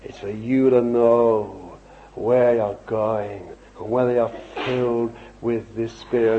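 A man preaching a fervent sermon to an evening meeting, pressing his listeners with repeated questions and swinging from loud cries to hushed asides. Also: medium pitch, fairly even intonation, takes it slowly, slight background noise. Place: evening meeting in a room with a congregation. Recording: dull lo-fi recording.

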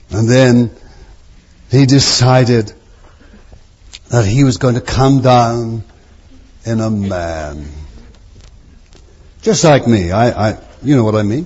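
A man preaching a sermon with fervour, his voice moving from near hushes to strong, drawn-out exclamations. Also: fairly low pitch, slightly rough, lo-fi sound. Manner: fervent, swinging from soft to loud, drawn-out phrases.

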